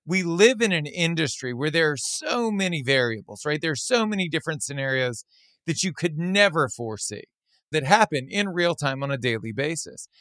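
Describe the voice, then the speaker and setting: A man with a lightly high, very lively voice speaks earnestly about running restaurants, stressing key words with conviction. He sounds close and dry, with no room around him. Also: no echo. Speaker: former restaurant owner and co-host. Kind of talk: casual chat.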